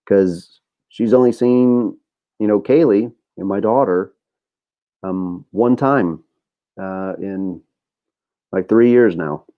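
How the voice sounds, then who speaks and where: A man's voice: fairly low pitch, slow, pauses often, narrow, tinny audio. A middle-aged man hosting a podcast, talking in a candid, rambling way with lots of fillers and swearing. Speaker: podcast host. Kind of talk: casual monologue.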